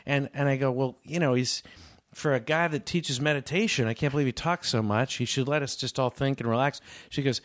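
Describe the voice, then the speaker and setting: A man casually telling a story in a chat, animated, acting out both sides of an argument. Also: mid-range voice, a little fast.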